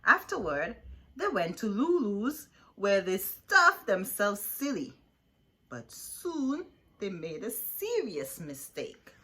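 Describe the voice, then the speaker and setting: A woman with a medium-pitched voice reads a children's picture book aloud as a storyteller. Her delivery is expressive and deliberate.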